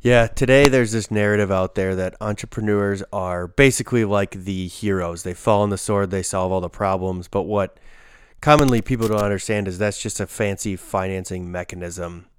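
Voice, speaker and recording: A man with a lowish, smooth, clear voice explains his views steadily. He sounds analytical and sure. The sound is dry and close. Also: fairly even intonation, normal speed, no room sound. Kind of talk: casual chat.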